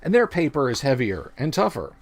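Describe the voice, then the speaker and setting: A middle-aged man hosts a relaxed livestream chat at an ordinary, middling pitch. He talks in a loose, rambling way, circling back to fix his own words as he goes. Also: a little fast, husky. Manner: rambling, self-correcting, chatty. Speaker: livestream host.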